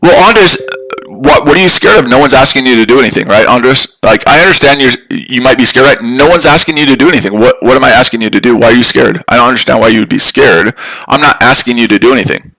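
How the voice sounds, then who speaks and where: A man's voice: mid-range voice, fast talker, pushed and bright, low-quality recording. A man hosting a live trading stream, ranting in a heated, profane and repetitive way. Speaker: livestream trading host. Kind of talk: angry live-stream rant.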